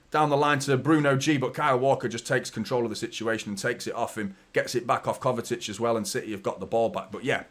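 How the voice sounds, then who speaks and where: A man from Manchester with a light, mostly neutral Mancunian accent, hosting a fan watchalong with live match commentary and rambling chat that bursts into excitement at chances. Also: medium pitch. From Manchester, England.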